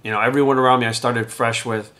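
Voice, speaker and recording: A middle-aged man telling his own story in a frank, conversational way, swearing casually and getting animated as he recalls events. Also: mid-range voice, fast. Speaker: podcast host telling his recovery story. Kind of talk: candid personal storytelling.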